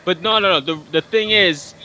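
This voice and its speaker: A man's voice: high voice, normal speed, pushed and bright, a little hiss or hum, rough recording. A man guest in a casual panel chat, arguing with stammering restarts.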